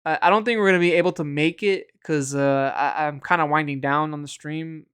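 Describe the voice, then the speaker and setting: A man's voice: on the high side, fairly even intonation, brisk, fairly bright tone, clear, resonant tone. A man streaming a video game, chatting casually, rambling and swearing at the game, with chuckles. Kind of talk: casual live-stream chat.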